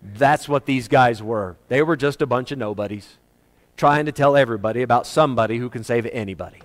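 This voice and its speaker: A man preaching a sermon, emphatic, moving between loud rising questions and quiet low asides, and slowing down to read scripture deliberately. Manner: reads scripture slowly and deliberately.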